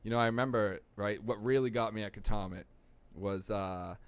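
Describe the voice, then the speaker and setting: A young man tells his story in a casual, animated way, playing out the voices of the people in it. His voice sits on the low side and comes across smooth and clear. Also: normal speed, no room sound. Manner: animated, acts out quoted voices. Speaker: podcast guest. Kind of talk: casual storytelling about recovery.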